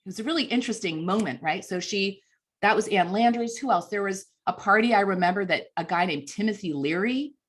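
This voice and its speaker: A woman's voice: mid-range voice, brisk. Chatty woman in her fifties telling stories. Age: 50s. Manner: lively, chatty, self-deprecating. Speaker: communications coach. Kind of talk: storytelling speech at a conference.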